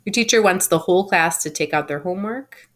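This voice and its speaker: A woman with a low-pitched voice records a class lesson from her home. She explains patiently and says each example phrase slowly and clearly, as if for students following along. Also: a bit bright. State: home sick. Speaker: Spanish teacher.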